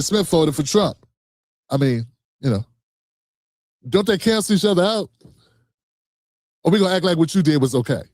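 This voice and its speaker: Combative high-voiced man ranting at a clip. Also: darkish tone, no room sound, studio quality. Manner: combative, profane, mocking, talks back to the clip. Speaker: streamer reacting to clips. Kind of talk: heated reaction commentary.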